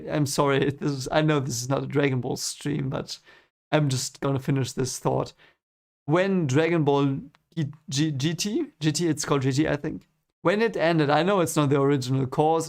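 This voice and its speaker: A man's voice: a little high, creaky. A man chatting casually on a stream as he reads webcomics, rambling enthusiastically with lots of fillers and repeated words. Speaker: streamer reading webcomics aloud.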